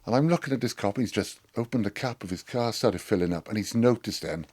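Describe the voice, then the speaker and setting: A man's voice: on the low side, quick pace. A middle-aged man telling a rowdy, sweary anecdote as a podcast guest. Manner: animated, sweary storyteller. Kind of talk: storytelling anecdote.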